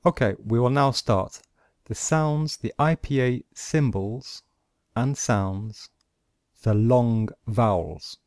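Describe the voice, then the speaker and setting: A man teaching pronunciation, patiently explaining phonetic symbols and modelling each sound slowly. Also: mid-range voice, a little mellow, dry recording, studio quality. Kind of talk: slow, deliberate lesson explaining phonetic symbols.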